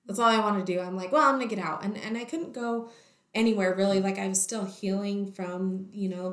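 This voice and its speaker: A woman telling her own story in conversation, candidly, with many "like" fillers. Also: medium pitch. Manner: candid, heavy use of "like" fillers. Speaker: guest sharing her story. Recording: echoey room.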